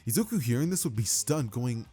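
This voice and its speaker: A man casually narrating a fan-made story, chatty, with fillers and asides to the listener. His voice is husky and lively in pitch, with faint music underneath. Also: moderate pace.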